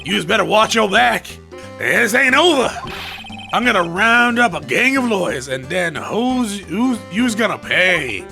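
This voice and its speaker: A brash, hotheaded gangster biker, as a man puts him on while reading a game, barking threats in rough slang. The voice sits high and swings hard, with a gravelly edge. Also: big pitch swings, a little slow, music in the background, exaggerated voice. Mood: menacing. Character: loud tough-talking male gangster biker, hotheaded.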